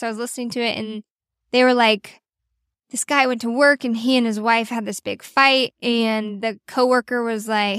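Earnest woman podcast host, bright pitch. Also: smooth, no room sound, studio quality. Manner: earnest, animated storyteller. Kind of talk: casual podcast chat.

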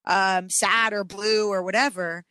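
A woman co-hosting a podcast in casual chat, self-deprecating and quick to laugh. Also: medium pitch, steady tone, bright, forceful tone, clear, resonant tone, dry recording. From from an Irish Catholic family. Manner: self-deprecating, laughs often, chatty with fillers.

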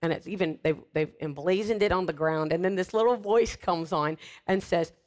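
A woman's voice: fairly low pitch, normal speed, a little mellow. Fervent woman preacher. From Florida, United States. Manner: emphatic, fervent, with wry humor. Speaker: guest preacher. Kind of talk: preaching in a talk show interview.

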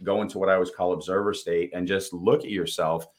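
A man's voice: sits low, fairly even intonation, fast. A man with a Boston accent co-hosting a motivational podcast, telling stories earnestly in casual speech with the odd swear word. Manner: storytelling, earnest, loose profanity. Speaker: podcast co-host.

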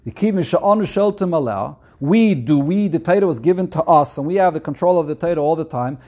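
Yeshivish-accented man teaching in high voice. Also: expressive, brisk, a little mellow. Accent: Yeshivish English with Hebrew and Yiddish terms. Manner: explains line by line, repeating key points. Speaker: Torah teacher. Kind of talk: reading Hebrew text and translating it into English.

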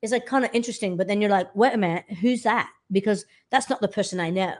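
Animated woman vocal coach. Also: mid-range voice, quick pace. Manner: animated, demonstrates by singing snippets. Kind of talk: casual interview talk.

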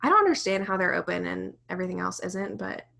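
Young woman podcast cohost, chatty, bright gravelly voice. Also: fairly low pitch, big pitch swings, quick pace. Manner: chatty, says "like" and "literally" a lot. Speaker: podcast co-host. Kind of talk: casual chat.

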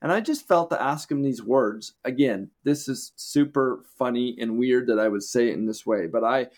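A man co-hosting a podcast, telling a testimony story in conversation with animated, lively retelling. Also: mid-range voice, moderate pace. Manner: animated, excited retelling with acted quotes. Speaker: podcast co-host.

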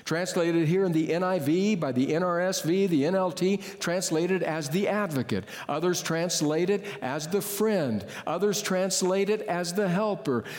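Earnest preacher in a reverberant hall. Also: male voice, high-pitched, a little mellow. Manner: earnest, slows down to stress key words; explains word meanings in a teaching tone. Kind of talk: sermon. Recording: long reverb of a large hall.

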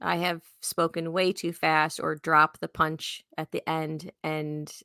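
A woman from Chicago chats on a podcast, talking quickly and laughing often. Her voice is recorded close and dry, with no room sound. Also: low voice, level tone, pushed and bright, dry recording. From Chicago, USA. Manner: fast-talking, laughs easily. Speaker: podcast co-host. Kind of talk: casual chat.

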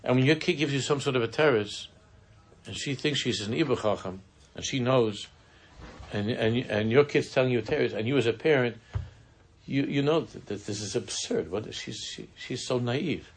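A man teaching a Chassidic text in an earnest, halting, conversational way, dropping in Hebrew and Yiddish terms. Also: medium pitch, slightly rough. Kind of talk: conversational Torah class.

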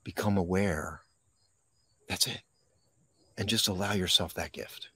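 A man hosting a live mindfulness podcast from a park, talking slowly and reflectively with dramatic pauses and reading viewer comments. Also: deep voice, pushed and bright, husky, dry recording. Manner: reads and answers viewer comments. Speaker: podcast host. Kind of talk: live-streamed mindfulness talk. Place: outdoors in a park.

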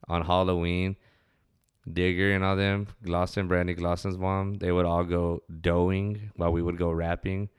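A man's voice: deep voice, flat delivery, moderate pace, smooth. A young man telling laid-back, profane stories from his hometown. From West Texas. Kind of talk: casual storytelling monologue.

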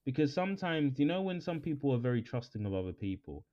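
An English man chats on a podcast in a mid-pitched voice, animated and jokey, often repeating a phrase for effect. The recording sounds a little dull and lo-fi. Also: fast talker. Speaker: podcast co-host. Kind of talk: casual chat.

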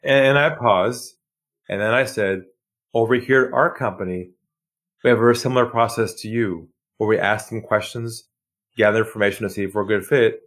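A man telling sales stories in a podcast interview, acting out phone calls with lively shifts. He drops his voice low and quiet for effect, then jumps high when playing excited callers. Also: a little fast. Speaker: sales trainer guest.

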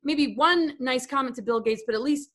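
A woman's voice: sits high, normal speed, fairly bright tone. A woman talking casually about spirituality as a guest in a conversation, earnest and rambling, often restarting and repeating words.

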